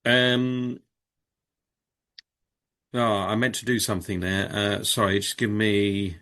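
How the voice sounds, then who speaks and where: A man casually presenting on a video call, demonstrating software and thinking aloud, with frequent fillers and restarts. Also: lowish voice, little pitch movement, takes it slowly. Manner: informal, with many fillers and restarts. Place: home or office on a video call. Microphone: video call microphone.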